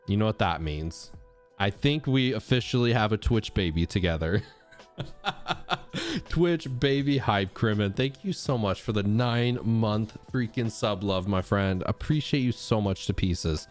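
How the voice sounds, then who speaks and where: A young man chatting casually as he streams a game, thanking subscribers and reacting out loud. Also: lowish voice, unhurried. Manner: animated, chatty, shouts out subscribers. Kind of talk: casual gameplay commentary. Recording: game music playing behind.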